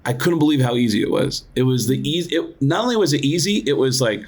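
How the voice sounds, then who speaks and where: A male comedian and impressionist, a podcast guest, telling a story casually and acting out other people's voices. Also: quick pace. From United States. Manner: animated, acts out voices with big pitch jumps; casual, lots of "like" and "dude". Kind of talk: storytelling in an interview.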